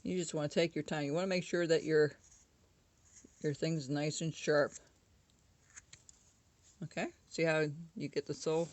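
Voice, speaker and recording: A woman's voice: low-pitched, flat delivery, normal speed, long pauses, a little mellow, dry recording. A woman casually talking through a woodcarving tutorial at home, chatty and often correcting herself. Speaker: woodcarving instructor.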